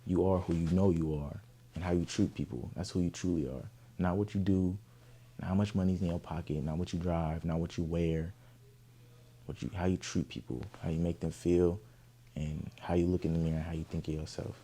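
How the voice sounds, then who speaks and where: A young man from Oakland, telling a story in an interview, animated, profane and emphatic. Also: low voice, a little fast, husky. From Oakland, California. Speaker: guest artist.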